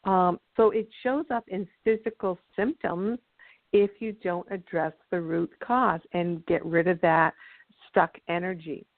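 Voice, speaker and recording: A woman guest on a call-in radio show, explaining ideas about emotional energy in a measured storytelling way. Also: lowish voice, steady tone, no room sound. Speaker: guest, energy healer and author. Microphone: phone. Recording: dry, tinny phone line.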